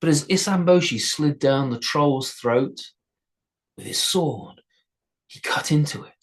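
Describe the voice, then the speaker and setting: A man's voice: a little high, measured pace. A male storyteller telling a folktale aloud, unscripted, with restarts and repeated words.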